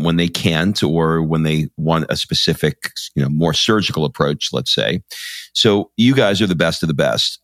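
Man, very deep voice, dry recording, measured interviewer. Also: fairly bright tone, dry recording. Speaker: podcast host. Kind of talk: interview questions.

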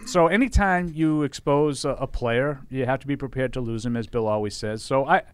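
A man's mid-pitched voice, recorded close and dry with no room sound. He talks through the analysis in a measured, slightly wry way. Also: smooth, no room sound. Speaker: regular co-host. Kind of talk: casual sports analysis.

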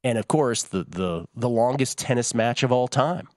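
A man's voice: mid-range voice, lively intonation, moderate pace, a little mellow, no room sound, studio quality. A man hosting a sports betting show, chatting casually with rambling asides.

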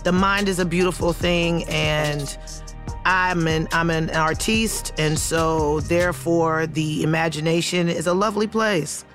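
A woman in her forties chatting casually as a co-host, telling animated stories and acting out what people said. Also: sits low, a little slow, faint music behind. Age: 40s. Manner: animated storytelling, acts out quotes. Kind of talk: casual chat.

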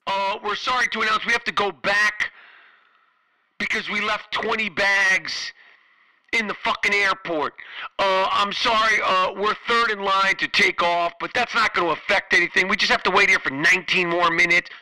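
A man's voice: high-pitched, steady tone, moderate pace, bright, forceful tone, rough recording. A man voicing a harried flight attendant who makes apologetic, mumbled cabin announcements.

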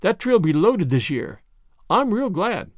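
A man's voice: high-pitched, big pitch swings, measured pace, dry recording. A man voicing a stern, practical older woman with a dry, sarcastic manner in a storybook reading.

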